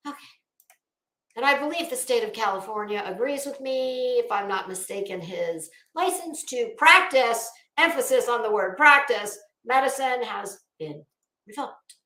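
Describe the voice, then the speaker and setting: A woman's voice: a little high, moderate pace, sharp tone, echoey room. A middle-aged woman giving chatty, opinionated fashion commentary in a sassy, casual way.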